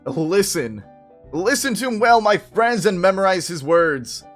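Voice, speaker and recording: A man doing a booming mystic showman. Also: sing-song, a little slow, faint music behind. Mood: booming, grand. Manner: loud, theatrical crowd-rousing delivery. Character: boisterous male mystic showman, hearty and grand. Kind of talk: reading game dialogue aloud.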